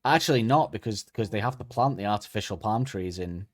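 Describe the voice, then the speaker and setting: Speaking fairly quickly in a lowish voice, a man co-hosts a podcast with studio-quality, echo-free audio. The talk is casual comedy, animated and jokey, with quotes acted out.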